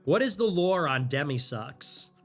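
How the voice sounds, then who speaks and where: A young man in his twenties with a high voice rants on his livestream, fast and animated, often breaking into laughs. Faint music plays behind him. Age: 20s. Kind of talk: casual stream rant.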